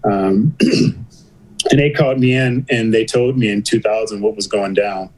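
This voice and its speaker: A man's voice: on the low side, normal speed, low-quality recording. A middle-aged man, a podcast guest, telling a personal story in a candid conversational way and acting out his talks with doctors in quoted back-and-forth.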